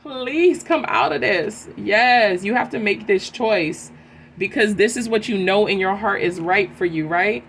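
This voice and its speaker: Animated woman giving a tarot reading. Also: mid-range voice, measured pace, gravelly, slight background noise. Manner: animated, emphatic, keeps adding "right?". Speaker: tarot reader.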